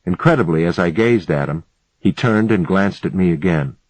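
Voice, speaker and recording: A man narrating a novel in the first person, in an even, measured reading. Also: deep voice, slightly rough, no echo, poor audio. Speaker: audiobook narrator.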